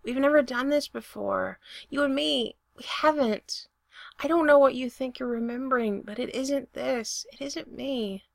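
A woman voicing a gentle, sad young man who speaks softly and hesitantly. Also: high-pitched, a little slow, creaky, dry recording.

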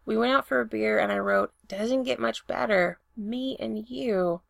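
A woman's voice: on the high side, measured pace, creaky, no echo, clean studio sound. A woman voicing an insistent, bewildered young man who pleads with urgency. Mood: earnest pleading.

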